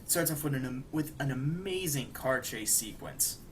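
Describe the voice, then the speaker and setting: A man's voice: mid-range voice, moderate pace. A young man chats in a loose, rambling way, recapping a cartoon plot with plenty of fillers. He slips into brief quoted lines for the characters. There is a faint hiss of noise behind him. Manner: rambling, acts out quoted lines with animated bursts. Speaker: podcast co-host. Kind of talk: casual chat, retelling an episode.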